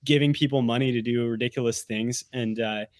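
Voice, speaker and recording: A man who is a guest on a podcast, chatting casually in an animated, rambling way with many restarts. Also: medium pitch, fairly quick, dry recording, studio quality. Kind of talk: casual conversational interview.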